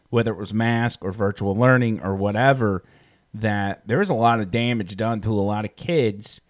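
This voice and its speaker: Man hosting a casual chat. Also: mid-range voice. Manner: conversational, loose, with restarts and fillers. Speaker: host.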